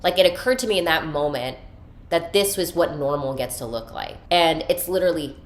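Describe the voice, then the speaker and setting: A young woman hosting a podcast in a casual, animated style, swearing freely and using many fillers. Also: low-pitched, fairly quick. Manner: animated, chatty, profane, filler-heavy. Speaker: podcast host. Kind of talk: casual spiritual podcast chat.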